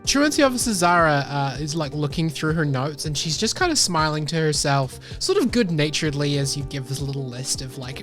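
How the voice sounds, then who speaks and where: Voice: medium pitch, very animated, fairly quick, few pauses, fairly bright tone, faint music behind. A game master narrating a tabletop game in a loose, chatty way with many fillers.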